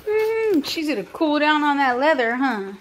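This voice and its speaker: A woman's voice: high-pitched, big pitch swings, normal speed, slight background noise. A woman, filming a casual vlog as a pet sitter and talking to dogs in sing-song baby talk.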